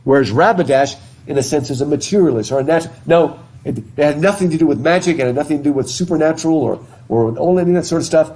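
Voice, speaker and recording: This man talks fast in a fairly high, darkish voice while teaching a casual literature class, posing questions to students and restarting sentences with repeated words. The audio was recorded live in the classroom through a face mask.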